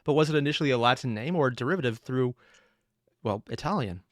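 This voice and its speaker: A man's voice: mid-range voice, lively intonation, fast talker, no echo, clean studio sound. A man in his thirties hosting a reaction video, chatting casually with self-mocking asides. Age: 30s. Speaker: reaction channel host.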